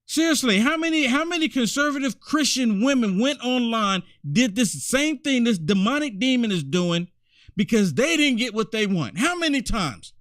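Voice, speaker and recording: A man's voice: very high-pitched, animated, moderate pace, fairly bright tone, no echo, clean studio sound. A man hosting a commentary show, talking in a mocking, repetitive way. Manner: mocking, repetitive, many "I mean"s. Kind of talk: political commentary monologue.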